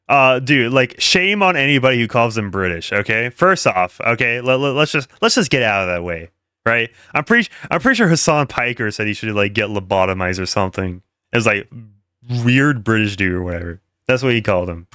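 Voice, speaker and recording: A man's voice: mid-range voice, big pitch swings, a little fast, pushed and bright, clear, resonant tone, no room sound, studio quality. A man hosting casual commentary, rambling with many fillers and asides to his viewers. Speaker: commentary host.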